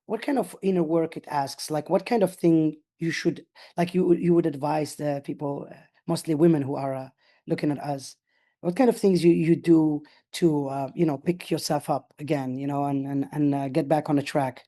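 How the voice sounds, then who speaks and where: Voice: mid-range voice, fairly even intonation, normal speed, dark tone. A host on a video call, asking long questions hesitantly with many fillers. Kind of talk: casual video-call interview.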